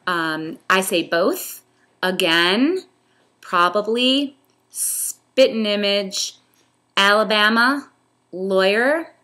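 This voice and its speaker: Casual vlogger, woman, Western New York accent with a Southern touch, bright tone, rambling with lots of ums. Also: medium pitch, slow pace. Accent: Western New York with some Southern New Orleans influence. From upstate New York. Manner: chatty, rambling with frequent ums. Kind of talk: casual accent tag video.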